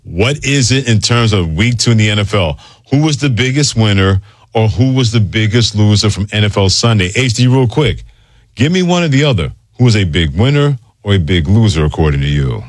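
Low-voiced sports radio host. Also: male voice, expressive, no echo. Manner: conversational, brisk read of promos. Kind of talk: sports talk radio hosting. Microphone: studio mic.

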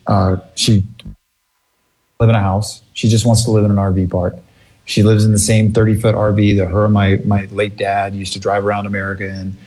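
A middle-aged man casually telling a long, rambling, animated anecdote, laughing now and then. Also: fairly low pitch, fairly quick. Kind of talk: casual chat.

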